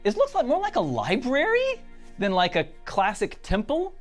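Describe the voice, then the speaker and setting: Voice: mid-range voice, huge pitch swings, normal speed, faint music behind. A game master narrating a tabletop game, hesitant and full of fillers.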